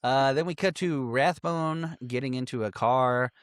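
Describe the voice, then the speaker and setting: A man's voice: mid-range voice, unhurried, clean tone, dry recording, studio quality. A man co-hosting a podcast, casually recapping a movie, swearing freely and laughing often. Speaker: podcast co-host.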